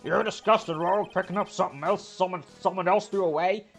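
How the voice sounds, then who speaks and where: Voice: monotone, unhurried, a little mellow, soft background music, close to an everyday voice. A let's play narrator voicing a hostile, petty grouchy old man in a game. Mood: indignant. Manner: shrill, indignant and bickering.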